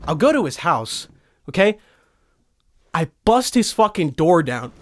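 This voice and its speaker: A young man hosting a podcast from a studio, telling a profane, animated comic rant full of swearing. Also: fairly high pitch, a little slow. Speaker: podcast host.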